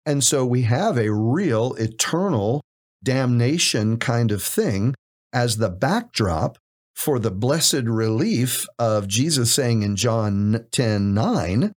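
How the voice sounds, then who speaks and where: A man's voice: medium pitch, lively intonation, slow pace, a little mellow. Guy preaching-ish on a podcast, voice jumps up and down a lot, keeps quoting verses. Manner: emphatic, quotes scripture, asks rhetorical questions. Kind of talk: conversational Bible teaching.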